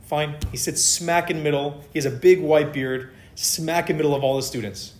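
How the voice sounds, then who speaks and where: Brief: male storyteller, a bit high-pitched, conversational, acts out dialogue, echoey room. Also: fairly even intonation, fairly quick. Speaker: speaker giving a holiday talk. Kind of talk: storytelling talk to a live audience.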